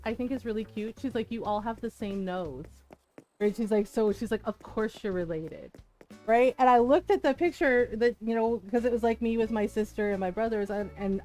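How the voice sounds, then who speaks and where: A woman streamer chatting casually while playing a game, frank and quick to laugh, swearing freely and acting out the people in her stories. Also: mid-range voice, a little mellow. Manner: frank, swears freely, laughs often, retells dialogue animatedly. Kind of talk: casual chat while gaming.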